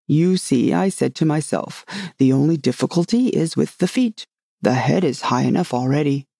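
A reader voicing a solemn, rambling knight who loves his inventions, speaking gravely and earnestly in a storybook reading. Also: medium pitch, moderate pace, mellow, no room sound, clean studio sound.

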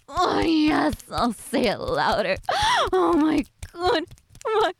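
Woman for erotic audio role-play; high, breathy, moaning delivery dropping to whispers, slow and drawn out. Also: very animated. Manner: breathy and moaning, swinging between whispers and cries.

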